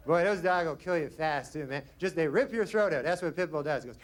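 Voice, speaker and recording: Man, stand-up comedian, deadpan, rambling asides, higher pitch, noisy live recording. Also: a little fast, few pauses, some chatter behind. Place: comedy stage before an audience.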